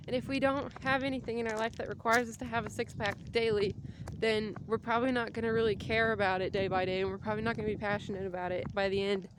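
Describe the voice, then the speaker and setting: Background noise accompanies this young adult woman as she films a casual vlog outdoors during a chilly winter walk. Her voice sits a little high, and she chats in a meandering way, tossing in jokes as she goes.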